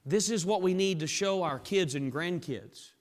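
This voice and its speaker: A man preaching a sermon in a church, dropping to hushed tones and building to raised, emphatic climaxes. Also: sits high, normal speed. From Southern US. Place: church sanctuary. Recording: long reverb of a large hall.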